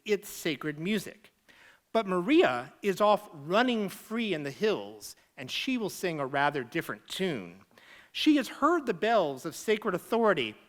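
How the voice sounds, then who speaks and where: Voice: medium pitch, a bit bright. A faculty member giving a TED-style lecture, explaining in close scholarly detail and tapping out rhythms aloud.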